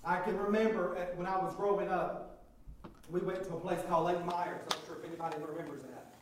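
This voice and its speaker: A man's voice: high-pitched, fairly even intonation, quick pace, a little hiss or hum, rough recording. A middle-aged male pastor, preaching a sermon with rising emphasis and repetition.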